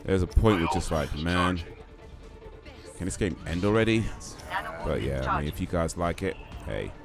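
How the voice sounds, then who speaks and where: A man's voice: low-pitched, expressive, normal speed, vocal fry, music in the background. A man streaming a game, chatting in a laid-back way with viewers and swearing mildly. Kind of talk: casual live-stream commentary.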